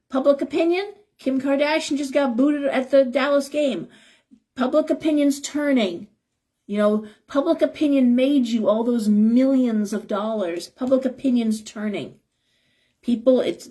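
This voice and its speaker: A middle-aged woman with a slightly high voice reads tarot on a live stream. She talks in an emphatic, heated, rambling way, piling one point onto the next. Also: a little mellow. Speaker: tarot reader and shop owner.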